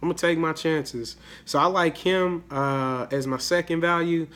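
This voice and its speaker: A man's voice: a little high, steady tone, moderate pace, a bit bright. A young man, a little sick, hosting a fantasy sports video in casual, hyped talk, full of slang and repeated words. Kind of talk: casual solo video commentary.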